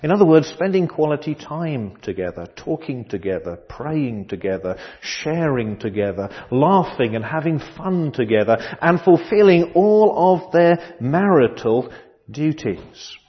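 A middle-aged man preaching a sermon, measured and dryly humorous, often restarting his phrases. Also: fairly high pitch, very animated, long reverb tail, dull audio. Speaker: pastor.

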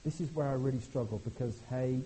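A middle-aged man preaching an animated, conversational sermon, swinging from hushed asides to loud exclamations. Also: mid-range voice, fast talker, a little hiss or hum, low-quality recording. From Britain. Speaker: visiting preacher.

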